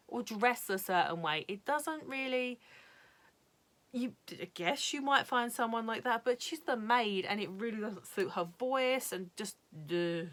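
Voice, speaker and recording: A woman's voice: on the high side, unhurried, fairly bright tone. A young British woman chatting casually and candidly about her anime collection, rambling with lots of fillers and the odd swear. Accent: British English. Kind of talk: casual chat.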